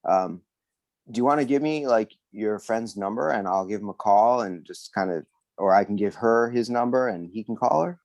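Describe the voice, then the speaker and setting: Man, low voice, practice referral call, halting, restarts, eager, dry close sound. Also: darkish tone, no room sound. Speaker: networking group member. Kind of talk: role-play referral call.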